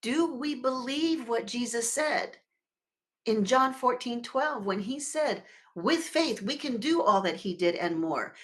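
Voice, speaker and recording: A woman minister giving a sermon in a conversational, expressive way, swelling and dropping her volume and leading the congregation in repeating words together. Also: fairly high pitch, slow pace. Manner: expressive with sudden swells and drops in loudness.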